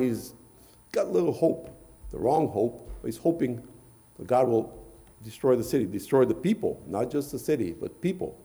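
A man delivers a sermon in a mellow, dark voice. He retells scripture with old-fashioned phrasing and often stumbles back over his words. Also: medium pitch. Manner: retelling scripture with archaic quotes and repeated words. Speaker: preacher.

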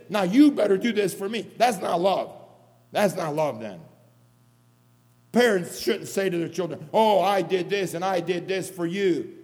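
A man's voice: fairly high pitch, darkish tone. A man preaching an earnest sermon, repeating phrases for emphasis. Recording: long hall reverb.

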